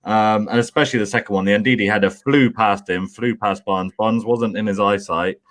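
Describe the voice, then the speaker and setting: Man, lowish voice, hesitant, lots of ums, thinking aloud. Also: fairly even intonation, moderate pace, fairly bright tone. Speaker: fan channel co-host. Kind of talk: post-match fan reaction chat.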